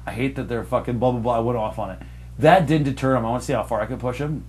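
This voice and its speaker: A young man hosts a loose podcast chat, spinning long stories in a rambling, profane and mocking way. His voice sits at an ordinary middle pitch. A faint hum runs under the recording. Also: racing, darkish tone. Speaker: podcast host. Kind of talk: casual storytelling chat.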